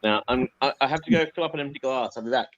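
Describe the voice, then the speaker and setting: A man's voice: medium pitch, racing, background noise. Rambling man on a muffled call. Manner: rambling, playful, trails off. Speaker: guest. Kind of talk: casual chat on a video call. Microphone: video call.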